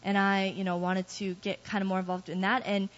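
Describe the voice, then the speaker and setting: Speaking briskly in a mid-range voice with little pitch movement, a woman shares her testimony as a guest speaker before a church group. Her storytelling is candid and self-deprecating, full of laughs, and the lo-fi recording sounds dull.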